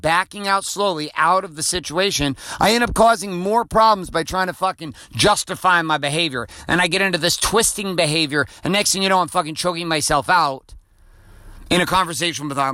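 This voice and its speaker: A middle-aged man talks straight at the listener from inside his car, a motivational podcast host who swears freely and pushes hard. His voice is bright and a bit high for a man. The sound is close and dry. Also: a little fast, no room sound. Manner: blunt, profane, coaching tone.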